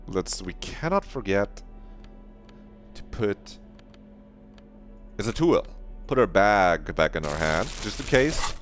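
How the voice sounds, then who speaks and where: A man streaming a video game, chatting playfully in a rambling, mock-dramatic way and swearing now and then. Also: on the low side. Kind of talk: casual live-stream commentary.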